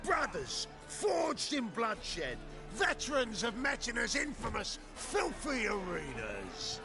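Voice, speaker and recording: A man's voice: very high voice, wildly swooping pitch, slow pace, full character voice. An actor voicing a brash, boastful male pit fighter who talks crude and cocky, in video game acting. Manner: loud hollering showman, crude and cocky. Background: game music.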